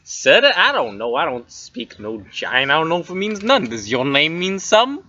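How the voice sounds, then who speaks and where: A swaggering street-tough male weasel, put on by a man in a tabletop game, picking fights in a pitched-up, bright, punchy voice. The recording sounds dull and lo-fi. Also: huge pitch swings, moderate pace, exaggerated voice. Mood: sulky. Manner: brash, swaggering, picks fights.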